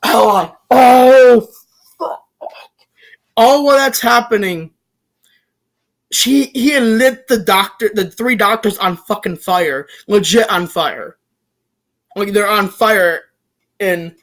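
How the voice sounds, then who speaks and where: A young adult recapping a film in a casual, excited, rambling way, with frequent swearing, restarts and filler words. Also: medium pitch. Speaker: movie reviewer. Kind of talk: casual spoken movie recap.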